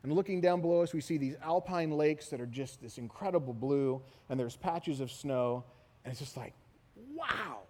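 High-voiced man preaching in echoing hall. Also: normal speed. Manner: animated storytelling, repeated "right?" tags. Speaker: pastor. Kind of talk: sermon. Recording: long hall reverb.

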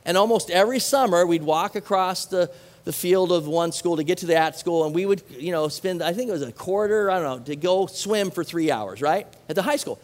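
A middle-aged man preaching a sermon, animated, asking the congregation questions and dropping casual asides. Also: sits high, brisk, in a large hall. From Southern California. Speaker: pastor.

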